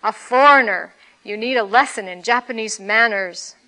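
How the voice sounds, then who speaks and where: Woman voicing a hollering, belligerent drunk workman, bright and sharp. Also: high-pitched, lively intonation, fairly quick, pitched above the performer's own voice, full character voice, poor audio. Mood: angry shouting. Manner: roaring, hollering. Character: drunk, belligerent male laborer, big and enraged.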